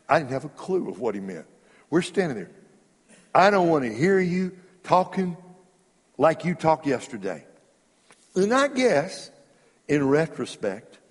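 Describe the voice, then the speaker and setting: Older male preacher, husky, lively storytelling sermon, big hall reverb. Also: mid-range voice. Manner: animated storyteller, acts out dialogue. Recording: long reverb in a large hall.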